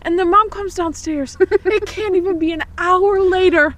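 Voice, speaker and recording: A woman's voice: very high voice, normal speed. A young woman co-hosting a podcast, telling a shared childhood story in casual chat, laughing and mocking herself. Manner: lively, laughing, self-mocking. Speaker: podcast co-host.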